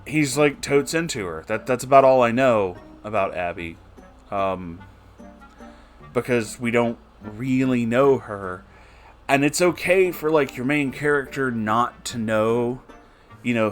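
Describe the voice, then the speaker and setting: A man hosting a casual, rambling commentary on a fan fiction he is reading. He sounds amused, fills his talk with "like" and "you know", and swears now and then. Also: medium pitch.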